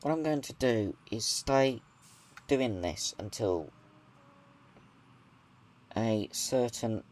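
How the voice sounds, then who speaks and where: A man's voice: mid-range voice, expressive, a little mellow. A British man giving casual commentary over a train simulator game, thinking aloud as he goes. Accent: British English. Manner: musing aloud, slow and thoughtful. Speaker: gaming video creator.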